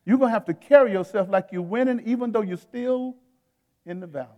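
A pastor with a high-pitched, mellow voice delivers a sermon a little fast, with a long reverb tail trailing his words. He keeps it folksy and conversational, speaking straight to the congregation and laughing between points.

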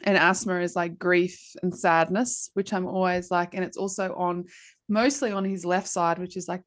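A woman in her thirties, a podcast host, tells a personal story in casual talk with lots of fillers. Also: mid-range voice. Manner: animated storytelling, many fillers. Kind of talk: casual conversation.

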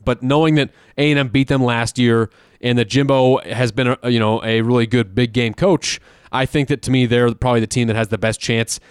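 A man's voice: mid-range voice, fairly even intonation, fairly quick, clean tone, no echo, clean studio sound. A man co-hosting a casual sports podcast, talking in a conversational, opinionated way with frequent fillers. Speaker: podcast co-host.

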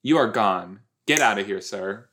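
Animated man reacting in a watch-along. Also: on the low side, normal speed. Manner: exclaiming, chatty, loose and animated. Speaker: podcast host reacting to a TV episode.

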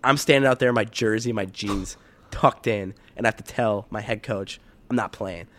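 A man's voice: on the low side, moderate pace, a little hiss or hum. A young man telling stories as a guest in a casual podcast chat, acting out the people in them. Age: young adult. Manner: animated storyteller who acts out people's voices.

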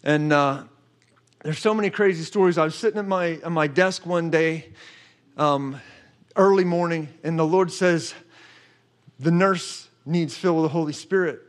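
A middle-aged man with a fairly high voice tells a lively faith testimony. He is emphatic and excitable, and he acts out what each person said. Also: moderate pace. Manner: excitable, emphatic, acts out quotes with gasps and laughs. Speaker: preacher telling a testimony. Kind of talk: animated storytelling testimony.

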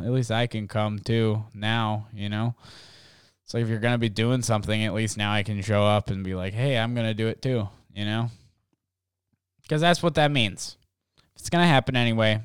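A man's voice: mid-range voice, a bit bright, clean tone, no echo, clean studio sound. A young man hosting a podcast, rambling casually with lots of fillers and restarts as he reads listener stories. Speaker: podcast host. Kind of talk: casual comedic monologue, reading listener stories.

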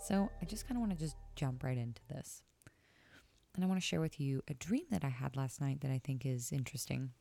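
A woman's voice: extremely low pitch, animated, brisk, creaky, warm tone, no room sound, faint music behind. A young woman hosting a podcast, candidly retelling a dream and reflecting on it in a casual, personal way. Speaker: podcast host. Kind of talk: casual solo podcast talk.

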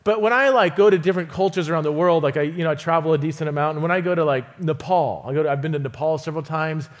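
A man preaching as a guest speaker in a church, speaking through a stage mic. His voice sits high for a man, and he tells stories with lively energy. He acts out the quoted voices and chuckles often. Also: quick pace. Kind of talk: sermon. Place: church auditorium.

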